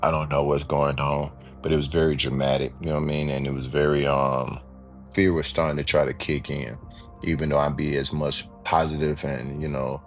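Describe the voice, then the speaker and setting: A man's voice: very deep voice, flat delivery, normal speed, soft background music. A man guest on an interview show, telling his story casually and animatedly, often acting out other people's lines. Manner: casual, repeats "you know what I mean". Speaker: podcast guest.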